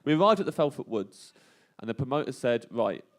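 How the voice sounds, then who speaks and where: A man tells a comic story on stage in a lively voice that swoops up and down as he goes. He keeps laughing through his own tale, with ums and restarts along the way. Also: medium pitch, fast talker. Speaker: comedian telling a story. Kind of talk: live comedic storytelling. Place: live stage show before an audience.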